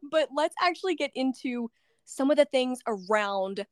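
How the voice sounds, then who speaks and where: A young woman hosting a casual interview, bubbly and quick to laugh, acting out little quotes in her stories. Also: high voice, lively intonation, dry recording, studio quality. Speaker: podcast host.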